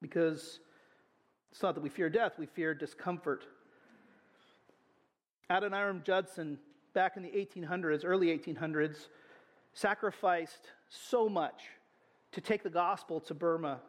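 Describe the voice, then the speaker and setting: A man preaching a sermon, earnest and animated, with quick asides to the congregation. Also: on the high side. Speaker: pastor.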